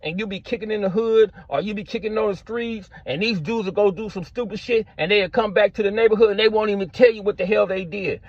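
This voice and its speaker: A middle-aged man with a slightly high voice tells a story in loose street slang, tossing in "man" and "bro" all the time. The sound is dull and lo-fi, and the recording is dry and close. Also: dry recording. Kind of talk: casual storytelling to camera.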